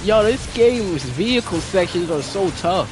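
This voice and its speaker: A man's voice: high-pitched, expressive, measured pace. A young man chatting casually with viewers while playing a game, in a slangy, talkative way. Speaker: gaming streamer. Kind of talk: casual gameplay commentary. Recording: game music playing behind.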